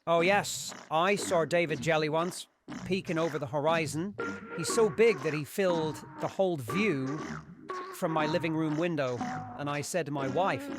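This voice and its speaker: A man putting on a high, thin storytelling husband. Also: normal speed, background noise, lightly acted. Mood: dreamy.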